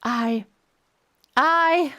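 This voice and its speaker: A woman voicing a young female apprentice cat from a fanfic, dramatic and flustered, in a high, overwrought delivery. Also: drawn-out words, pushed and bright, full character voice.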